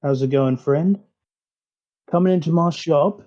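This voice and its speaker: Man playing a sly smoky shop spirit, teasing, mellow, lo-fi. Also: on the high side, unhurried, natural voice. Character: sly male shopkeeper spirit in smoke. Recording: dull lo-fi sound.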